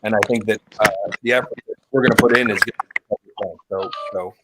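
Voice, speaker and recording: A man with a lowish voice talks quickly and earnestly, sharing a story among friends. Clear noise runs behind his voice. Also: fairly even intonation. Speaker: guest. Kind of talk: casual storytelling conversation.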